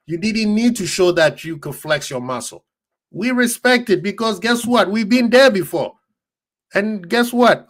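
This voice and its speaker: Excitable man hosting a fan stream. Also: high voice. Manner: excitable, laughing, talking to chat. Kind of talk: casual live-stream football talk.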